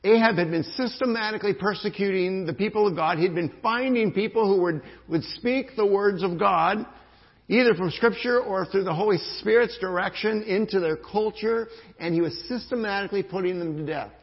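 A man preaching a sermon, telling the story with lively swings between loud calls and quiet asides. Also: high voice, fairly quick, husky. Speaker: pastor. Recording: dull lo-fi sound in a reverberant hall.

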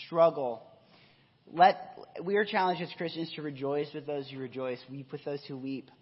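A man's voice: on the high side, breathy edge. Earnest man preaching in an echoey hall. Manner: earnest, emotional, with frequent fillers and restarts. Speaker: pastor. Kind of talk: sermon. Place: church hall. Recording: dull echoey hall sound.

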